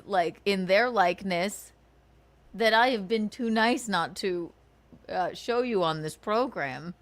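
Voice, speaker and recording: Sarcastic woman host, casual stream rant, giggly, lively pitch. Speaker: livestream host.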